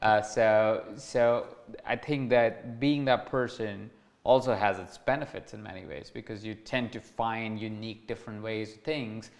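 A man with an Indian accent hosting an interview, warm and hesitant, often restarting his sentences. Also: on the low side, measured pace, creaky. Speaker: interviewer, host. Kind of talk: conversational interview.

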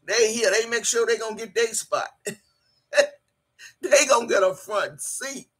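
A woman in her late sixties chats through a casual live stream, reading comments and teasing her viewers. Her voice is husky and bright, and she laughs loudly and swears freely as she talks. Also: a little high, a little slow. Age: 60s. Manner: chatty, colloquial, swears freely. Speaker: livestream host reading chat.

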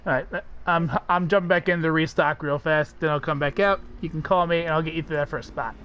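A man with a high voice chats casually while streaming a co-op game. He teases his partner and swears freely as he plays. Faint noise sits under his voice. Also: steady tone, brisk, lo-fi sound. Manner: joking, swearing, teasing. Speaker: streamer playing co-op. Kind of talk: casual live gaming chat.

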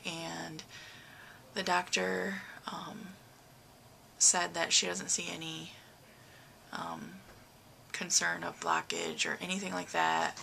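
A middle-aged woman talks through a personal update to her viewers, rambling and emotional, full of fillers. Her voice sits a little low and carries a gravelly fry under a bright, sharp edge. A faint hiss of noise runs behind her. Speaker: vlogger.

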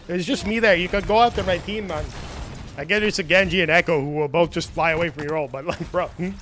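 Male streamer, high-pitched, excitable running commentary while playing. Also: fast, a little hiss or hum. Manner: excitable, jokey, repeats phrases. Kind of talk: live gameplay commentary.

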